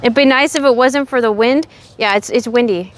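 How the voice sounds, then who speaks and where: A young woman from Oregon chatting with her live chat while out in a windy park. She says she is sick and low on energy, but she keeps talking with a sassy edge. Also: fairly quick. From Oregon, USA. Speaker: livestreamer. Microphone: phone on a selfie stick.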